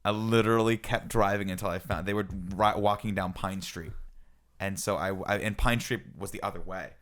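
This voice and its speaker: A man's voice: on the low side, a little fast. A young man co-hosting a podcast, telling a story in casual chat and acting out the lines of the people in it. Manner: animated storyteller, acts out quoted lines. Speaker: podcast co-host.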